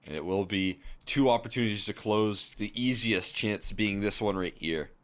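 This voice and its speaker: A man giving live color commentary on an esports match, analytical and relaxed. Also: fairly low pitch, normal speed.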